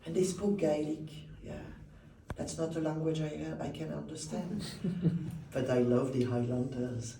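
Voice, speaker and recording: A man's voice: on the high side, flat delivery, a little slow, warm tone, distant mic, slight background noise. A man leading a guided tour and telling its stories in a theatrical manner, chuckling often. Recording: echoey room from afar with faint ambience.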